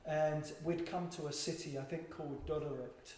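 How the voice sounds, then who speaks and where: A man's voice: on the high side, fairly even intonation, moderate pace, a little mellow. A man telling a funny travel story in casual chat, laughing often as he goes. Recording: very echoey room with faint noise.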